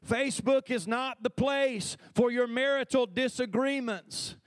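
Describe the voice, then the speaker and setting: A man's voice: very high voice, a little slow, smooth. A man preaching a sermon as pastor, talking conversationally and calling for responses from the congregation. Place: church sanctuary.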